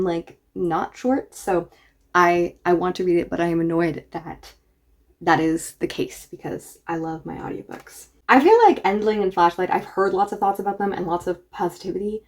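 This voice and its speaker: Chatty, excited woman book reviewer. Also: on the low side. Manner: enthusiastic, chatty. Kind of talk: casual reaction vlog.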